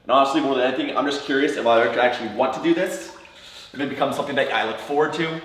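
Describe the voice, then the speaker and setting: Young guy vlogging, mid pitch, chatty, kinda echoey room. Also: fast talker, a bit bright, a little hiss or hum. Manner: chatty, gasping and cursing in the cold water. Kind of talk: casual vlog talk to camera.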